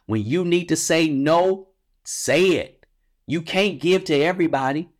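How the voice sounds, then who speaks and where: A man hosting a devotional podcast, preaching emphatically, with repeated phrases and big swings in pitch. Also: unhurried. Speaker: podcast host.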